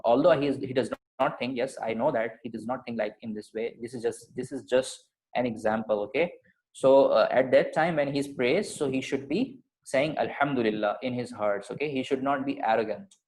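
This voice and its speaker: A man teaching a class over a video call, explaining patiently, often pausing with fillers and checking in with "okay". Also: mid-range voice, a little mellow, rough recording. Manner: patient, explaining with many fillers and repeated okays. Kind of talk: online class lesson.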